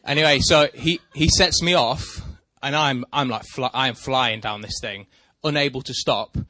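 A man's voice: medium pitch, moderate pace, dry recording. A man telling a rambling, self-deprecating story in casual chat with a co-host. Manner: rambling, self-deprecating, animated when excited.

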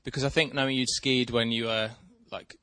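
Medium-pitched and brisk, with no echo, this man tells a rambling, self-deprecating story while chatting casually with a co-host. He grows animated when he gets excited.

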